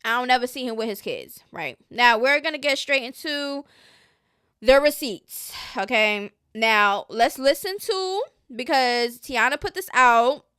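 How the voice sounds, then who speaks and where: A woman's voice: fairly high pitch, animated, unhurried, pushed and bright, smooth, no echo, clean studio sound. A woman hosting casual gossip commentary, chatty and slangy, often trailing off with hesitant asides.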